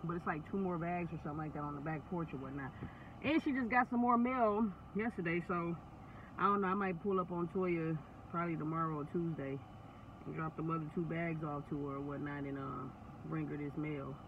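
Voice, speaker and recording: A woman's voice: sits low, fairly even intonation, brisk. A woman venting in casual, profane talk on a phone call, laughing often. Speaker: vlogger. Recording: tinny phone line, faint noise.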